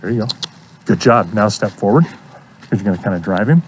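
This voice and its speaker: A man coaching a student through horse training outdoors, giving steady encouragement and repeating his praise. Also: fairly low pitch, brisk, a little hiss or hum. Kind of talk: hands-on coaching.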